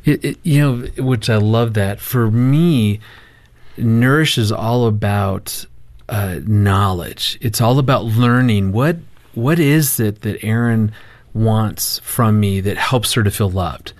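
Halting storytelling man. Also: on the low side, darkish tone. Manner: halting, repeats words, acts out quotes. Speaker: marriage counselor guest. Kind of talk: storytelling in a conversation.

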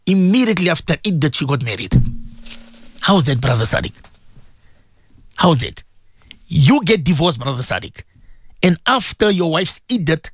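A middle-aged man, a cleric hosting a radio talk show, speaks to his listeners with emphatic, preacher-like conviction. His pitch leaps and dips constantly. The sound is dry and close, as in a studio booth. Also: dry recording. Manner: animated, emphatic preaching, addresses listeners directly. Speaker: Muslim cleric and radio host.

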